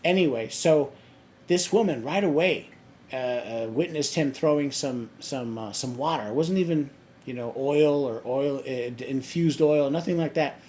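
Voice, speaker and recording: A man with a mid-range voice tells a long story to his viewers. He stumbles, restarts, and fills his pauses with "uh" and "you know", over a faint background hum. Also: medium pitch, a little mellow. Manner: halting, many restarts and fillers. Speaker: vlogger. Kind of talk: casual storytelling.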